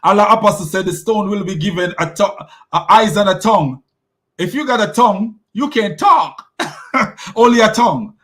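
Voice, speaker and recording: A man giving mocking commentary, sarcastic and quick to laugh, with loud exclamations. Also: high voice, expressive.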